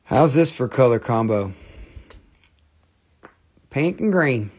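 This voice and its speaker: A man hosting a casual live rock and mineral sale, rambling and joking, teasing viewers by name, and drifting into quiet murmurs as he handles the specimens. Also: medium pitch, expressive, slow, breathy edge. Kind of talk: casual live sales chat.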